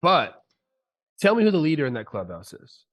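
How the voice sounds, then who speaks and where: A man's voice: on the high side, sing-song, fairly bright tone. A man co-hosting a sports podcast, a former player talking casually and ranting with heat while sick with a cold. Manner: fired-up, ranting, drawn-out "dude" and "bro". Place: podcast studio.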